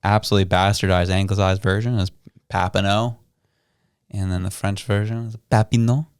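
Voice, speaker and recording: A man's voice: deep voice, level tone, fast, clear, resonant tone, no room sound, studio quality. A man co-hosting a casual political podcast, joking and sarcastic with loose slang. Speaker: podcast co-host.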